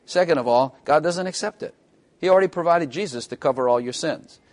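Wry preacher joking from the pulpit. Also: male voice, fairly high pitch. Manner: wry, joking asides with quick bursts and drawn-out emphasis. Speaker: pastor. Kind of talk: sermon.

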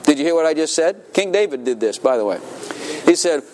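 A man's voice: a little high, a little fast, slight background noise. A man preaching a sermon as pastor, laughing often and calling out to his congregation for answers. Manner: animated, laughing, calls for congregation responses. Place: church.

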